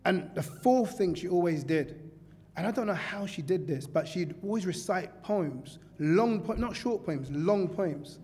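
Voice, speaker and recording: A man giving a heartfelt, informal funeral tribute to his aunt in a church, with halting restarts. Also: high voice, animated, warm tone, breathy edge. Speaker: family member giving a tribute. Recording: long church reverb, faint music.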